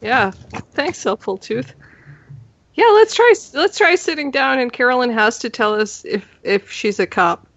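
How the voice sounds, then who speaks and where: Give me a playful woman co-host with a slightly high voice. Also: lively intonation, normal speed, a bit bright, no room sound, dull audio. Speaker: podcast co-host, player. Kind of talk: casual chat.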